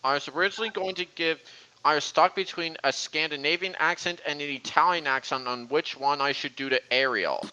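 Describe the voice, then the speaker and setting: A man's voice: a little high, fairly quick, bright, forceful tone, clean tone, poor audio. A young man hosting a casual voice-chat stream, rambling and often restarting his sentences. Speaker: stream host.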